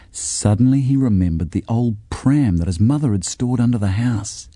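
A man reads a children's story aloud with a husky, mellow voice. His tone rises and falls freely, and the recording is close and dry. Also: medium pitch, lively intonation, normal speed, few pauses, dry recording. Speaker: narrator. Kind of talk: storybook reading.

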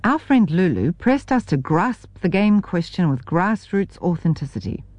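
A New woman reads her memoir aloud with wry humour. Her voice sits low but swings widely through each sentence. The sound is close and dry, with no room around it. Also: moderate pace, dry recording. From New Zealand. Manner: wry, expressive storytelling. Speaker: memoir narrator.

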